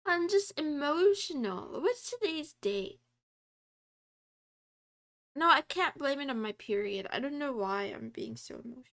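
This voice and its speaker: A woman with a high, light voice talks to her stream chat at an unhurried pace. She giggles often, reads study notes aloud, and slips into soft, quiet meowing between lines. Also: animated.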